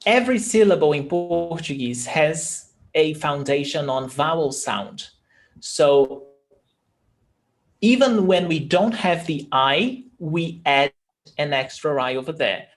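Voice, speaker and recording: A man from Brazil teaching a Portuguese lesson, patiently repeating each word for his students. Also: on the high side. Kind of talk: language lesson explaining grammar.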